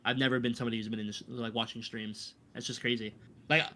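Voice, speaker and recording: Young male podcast co-host, rapid and eager, crisp bright voice. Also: mid-range voice, flat delivery. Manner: rapid, enthusiastic, sarcastic at times. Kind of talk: casual podcast chat.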